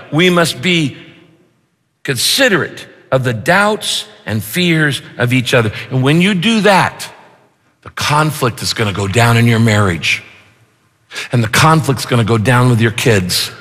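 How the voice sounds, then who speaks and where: A male pastor preaching a sermon with animated, punchy rhyming lines. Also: mid-range voice. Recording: long reverb of a large hall.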